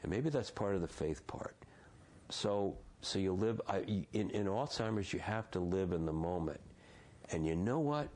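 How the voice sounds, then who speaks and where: A man in his sixties telling a personal story as an interview guest, halting often and repeating words as he restarts. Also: low-pitched, lively intonation, darkish tone. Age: 60s.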